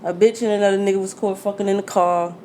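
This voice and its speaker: A woman's voice: medium pitch, fast, slight background noise. Profane storytelling woman from Jersey City. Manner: storytelling, profane, animated retelling. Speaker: podcast host. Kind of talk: casual chat.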